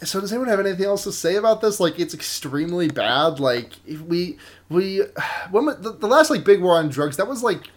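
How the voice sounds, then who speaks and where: A man's voice: sits high, animated, brisk. Rambling jokey male podcast host. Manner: rambling, self-interrupting, jokey. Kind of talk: casual podcast chat.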